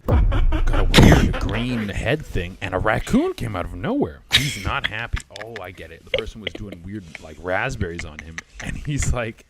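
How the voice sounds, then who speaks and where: A man's voice: lowish voice, sing-song, moderate pace. A man hosting a comedy reaction show, riffing casually with rambling, profane jokes between clips. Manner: rambling, profane, jokey riffs. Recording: music playing behind.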